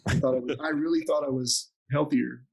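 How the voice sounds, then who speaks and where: A man's voice: on the high side, steady tone, fairly quick, gravelly, a little mellow, slightly rough, low-quality recording. A man in his forties, a doctor telling a story in an interview and acting out the quotes with animation. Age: 40s. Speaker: podcast guest, doctor.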